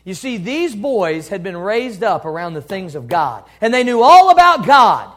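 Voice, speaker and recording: A middle-aged man preaching a sermon, earnest, swinging between loud urging and quiet asides. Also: high voice, big pitch swings, moderate pace. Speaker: pastor.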